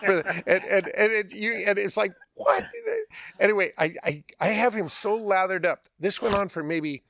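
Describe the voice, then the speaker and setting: A man hosting a podcast, telling a story in a lively, casual way and often laughing as he goes. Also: high voice, creaky, slight background noise. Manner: animated, laughing, quick restarts. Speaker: podcast host.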